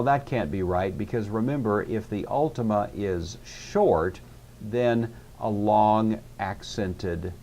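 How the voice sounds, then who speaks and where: Deep-voiced man teaching patiently. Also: darkish tone, a little hiss or hum. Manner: patient, methodical, talks himself through each step. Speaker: Greek teacher. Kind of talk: recorded lecture walkthrough.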